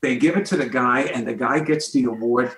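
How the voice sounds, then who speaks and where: A man's voice: mid-range voice, brisk, a bit bright, echoey room, low-quality recording. A man, a guest comedian telling a story on a talk show and acting out the voices in it.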